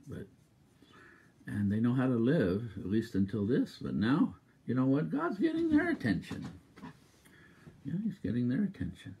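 A man preaching a sermon as a minister, exuberant and emphatic, repeating exhortations and breaking into loud rhythmic laughter. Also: fairly low pitch, slightly rough.

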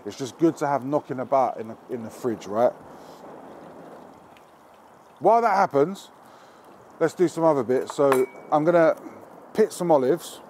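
A man runs a cooking demonstration in a loose, cheeky, foul-mouthed way, speaking straight to camera at a medium pitch. He is outdoors by a barbecue, with faint traffic and ambience behind him. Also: expressive, normal speed, pauses often, darkish tone. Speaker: cooking show host.

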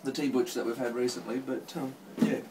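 A man's voice: medium pitch, flat delivery, a little fast, mellow. A man who is a guest taster, chatting casually and describing the flavour of a hot sauce. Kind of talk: casual chat. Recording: from far off with faint noise.

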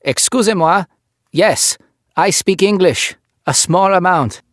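A man's voice: high voice, slow pace, no room sound, pitched above the performer's own voice. A man voicing a confident male French policeman in his thirties who speaks with a thick French accent, in a dry, close recording. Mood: polite. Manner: thick accent, clipped, questioning.

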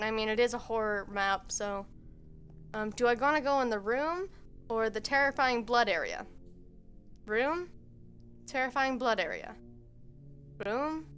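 Young female streamer, bright fairly high voice, quiet nervous rambling commentary on a headset mic at home. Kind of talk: let's-play commentary.

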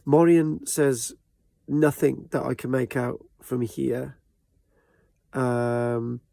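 A man with a soft South Welsh accent from Barry, talking to his channel in a hesitant way, with many fillers and restarts. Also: medium pitch, little pitch movement, drawn-out words, gravelly, no echo. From Wales. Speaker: channel host, local historian. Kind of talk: casual talk to camera.

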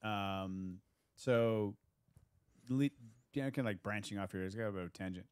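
A man co-hosting a casual podcast chat, steering the talk with questions and an animated delivery. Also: lowish voice, normal speed, clean tone. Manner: leads the questions, animated, frequent laughs. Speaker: podcast co-host.

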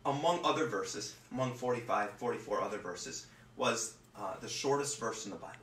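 A male pastor preaches from home in an earnest, halting way, often repeating his words. He sits back from the mic, and his voice rings through a roomy space with faint noise behind it. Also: on the low side, fairly bright tone, distant mic. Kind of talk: scripture reading and sermon. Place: home room.

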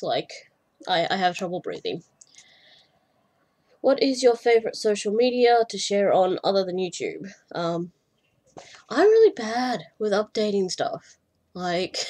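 Breathy woman chatting casually. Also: mid-range voice, a little mellow. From Australia. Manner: rambling, many fillers, self-deprecating. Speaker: cross-stitch vlogger. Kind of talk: casual chat.

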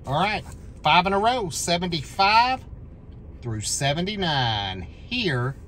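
Slow-talking scratch-off host. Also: mid-range voice, slight background noise. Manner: counts numbers aloud, bursts into excited shouts at wins. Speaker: scratch-off lottery channel host. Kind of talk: calling numbers while scratching lottery tickets.

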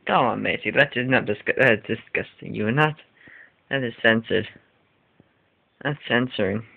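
A man's voice: medium pitch, normal speed, gravelly. Whiny rambling teenage boy vlogger. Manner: whiny, rambling, exaggerated complaining. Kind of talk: casual home vlog. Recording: tinny lo-fi with faint hiss.

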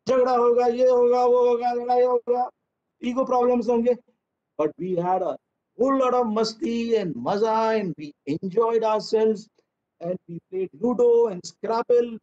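A man in his fifties with an Indian English accent, a children's author giving a jokey, animated storytelling talk. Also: high voice. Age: 50s. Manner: animated, jokey, acts out dialogues and voices. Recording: dull lo-fi online talk audio.

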